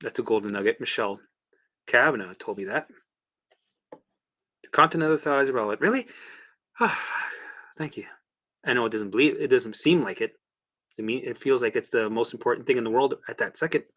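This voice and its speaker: Bright-voiced man coaching on a livestream. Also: medium pitch, brisk, long pauses. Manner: animated, chatty, swears casually; guides listeners through exercises. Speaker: host and recovery coach. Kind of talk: casual livestream coaching talk.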